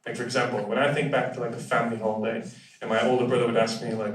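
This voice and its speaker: A young man doing a stand-up comedy set on a club stage, chatty and crude with deadpan punchlines and quick audience banter. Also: medium pitch, far from the mic. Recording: roomy club sound with loud audience laughter. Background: audience laughing and cheering.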